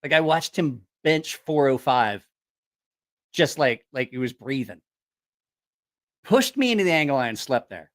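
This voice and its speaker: A man casually telling profane, animated stories, acting out other people's voices. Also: mid-range voice, moderate pace, long pauses. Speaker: host. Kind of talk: casual storytelling.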